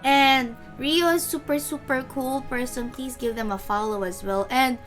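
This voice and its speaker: A woman's voice: high-pitched, steady tone, normal speed, fairly bright tone, soft background music. A woman hosting a live stream, chatting casually and hesitantly, with lots of fillers and giggles. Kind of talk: casual chat.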